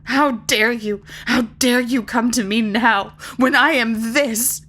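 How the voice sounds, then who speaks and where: A woman voicing a bitter, worn-out woman outlaw cook in a shrill, scolding voice for a storybook reading. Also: animated, measured pace, fairly bright tone. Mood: furious. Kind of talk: audiobook character reading.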